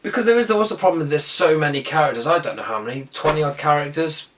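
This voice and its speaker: A man's voice: on the high side, fairly bright tone, distant mic. Eager rambling man reviewing a film. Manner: enthusiastic, rambling, with quick self-corrections. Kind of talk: casual spoken movie review.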